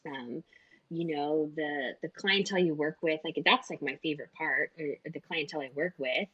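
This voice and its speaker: A woman with a notably low voice chats on a podcast, rambling with plenty of filler words. Her recording sounds dry and a little dull, with no room sound around her. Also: moderate pace, fairly bright tone, breathy edge, no echo. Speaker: behavior analyst and podcast co-host. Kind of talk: casual podcast chat.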